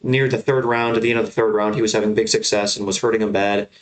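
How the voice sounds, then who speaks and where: A man's voice: on the low side, steady tone, quick pace. A young man hosting his own fight recap show, talking bluntly and swearing as he rants. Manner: blunt, profane, heated ranting. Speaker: MMA show host. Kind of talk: solo fight recap rant.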